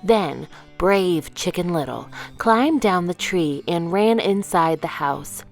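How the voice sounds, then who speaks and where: A woman reading a children's picture book aloud, gentle and expressive. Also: fairly low pitch, slow pace, faint music behind. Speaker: children's storyteller. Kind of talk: read-aloud storytime narration.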